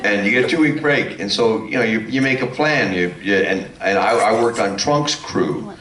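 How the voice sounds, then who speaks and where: A former circus clown on a convention panel telling a long anecdote, rambling with restarts and self-mocking laughs. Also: male voice, fairly low pitch, normal speed, crowd noise. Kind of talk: telling a funny anecdote to an audience. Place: convention hall. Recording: echoey hall, mic some distance off.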